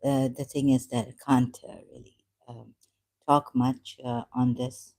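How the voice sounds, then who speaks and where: A woman rambles through a casual livestream, speaking low and unhurried with a mellow tone. She wanders between thoughts, stops halfway through sentences and chuckles at her own remarks. Her voice comes across dry and close on a USB desk mic. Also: level tone, dry recording. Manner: rambling, halting, laughs often at own remarks. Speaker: channel host.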